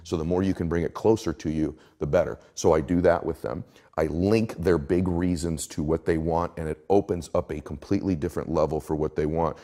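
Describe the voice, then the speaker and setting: Deep-voiced emphatic man telling stories. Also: fairly even intonation, fairly quick, mellow. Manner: emphatic, storytelling, acts out quotes. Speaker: interview guest, coach. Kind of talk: motivational interview talk.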